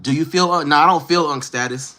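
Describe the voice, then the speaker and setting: A man's voice: on the high side, brisk, bright, forceful tone. A man in his thirties from Northern California with a Northern Californian accent, chatting casually and slangily with viewers on a livestream. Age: 30s. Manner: laid-back, slangy, talks straight to viewers. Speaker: livestream host. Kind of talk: casual live chat answering viewers.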